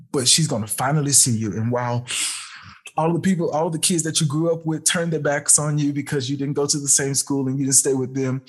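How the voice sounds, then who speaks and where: A tearful man speaking to his younger self in a halting, heartfelt personal address, with sighs and pauses between phrases. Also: a little high, slightly rough.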